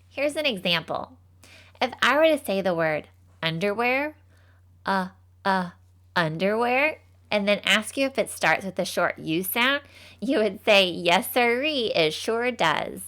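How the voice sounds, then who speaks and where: A young woman voicing a cheerful, folksy teacher character, leading a scripted phonics lesson for children slowly and patiently. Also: medium pitch, a bit bright. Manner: slow, patient, encouraging.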